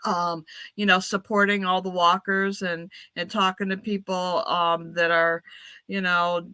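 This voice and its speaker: Bright-voiced woman telling family stories. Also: lowish voice, little pitch movement, unhurried, smooth, no echo. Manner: laughs often while telling stories. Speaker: guest. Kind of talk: casual storytelling.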